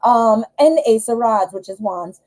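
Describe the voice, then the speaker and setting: Excitable woman reading tarot live. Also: on the high side, moderate pace, poor audio. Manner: chatty and excitable, with many fillers. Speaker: tarot reader hosting a live show.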